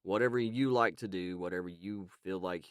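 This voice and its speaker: Man, low deep voice, father addressing his infant son, rambling and tender, dry close recording. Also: fairly quick, clear, resonant tone, dry recording. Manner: warm, rambling, with frequent ums and soft laughs. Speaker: podcast host and father. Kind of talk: casual talk to his baby son.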